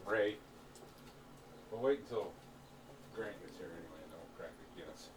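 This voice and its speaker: A man's voice: deep voice, normal speed. A man hosting a crude, casual talk show, profane and brash. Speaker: podcast host. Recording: distant mic, faint noise.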